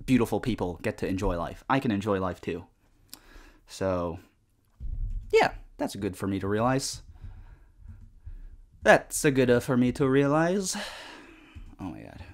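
A young man chatting casually while playing a game, rambling with lots of fillers and swearing at the game. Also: fairly low pitch. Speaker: gaming vlogger. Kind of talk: casual chat over gameplay.

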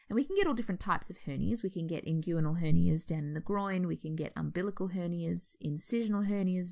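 Australian woman, low voice, gravelly, informal explainer, occasional self-corrections. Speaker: stoma nurse educator. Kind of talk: informal educational talk.

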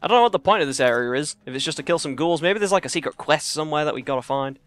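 A young man chatting casually and profanely while playing a game in his cramped bedroom, rambling and jokey, yelling in a panic when enemies attack. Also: on the high side, expressive, rapid-fire, clean tone. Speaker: let's play gamer. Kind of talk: casual gameplay commentary.

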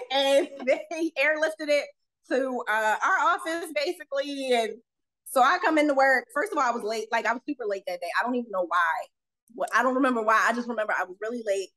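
A woman with a notably high voice tells workplace stories in an animated, casual way. She laughs often and slips into acting out the lines of the people in her stories. She sounds like a young adult guest chatting on a podcast. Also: brisk, low-quality recording. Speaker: autopsy technician guest. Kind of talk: casual storytelling in a podcast interview.

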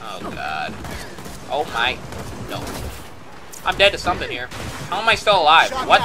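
Excitable, swearing male gamer. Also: a little high, moderate pace, noisy background. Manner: excitable and profane, bursting into shouts. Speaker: gameplay commentator. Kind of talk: live gameplay commentary.

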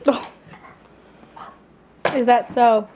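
A young woman talks to the camera at home in a loose, rambling way, letting her voice slide into playful put-on accents now and then. Her voice sits a little high for a woman. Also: steady tone, drawn-out words, noisy background. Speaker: vlogger. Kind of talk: casual vlog chat. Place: at home indoors.

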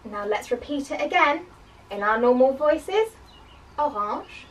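A woman teaching a children's lesson in a high, singsong voice that swoops up and down. She speaks slowly and encourages the children playfully. The recording is made a little way from the mic. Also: animated, distant mic, poor audio.

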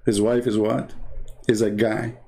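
A man's voice: lowish voice, level tone, unhurried, gravelly, noisy background. A man from the Middle East with an Arabic accent and broken English grammar, ranting in a sarcastic, mocking monologue. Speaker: religious debate commentator.

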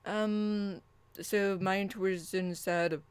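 Slow, rambling woman vlogger. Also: mid-range voice, steady tone, clean tone. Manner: laughing, rambling, with repeated restarts. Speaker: channel host. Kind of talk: casual vlog chat.

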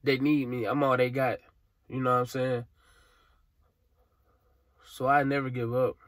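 Young dude from venting, teary, cussing, rambling, mid voice, dry sound. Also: male voice, medium pitch, flat delivery, measured pace, a bit bright, dry recording. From Alabama, USA. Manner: frustrated, rambling, profane, slangy. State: tearful. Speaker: vlogger. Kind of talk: emotional vent to camera.

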